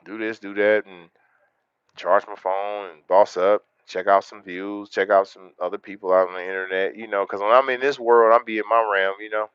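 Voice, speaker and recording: A man hosting a casual livestream, talking to viewers in a relaxed, slangy way. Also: lowish voice, normal speed, clear, resonant tone, no room sound, muffled recording. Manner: laid-back, slangy, talks straight to chat. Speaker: livestream host.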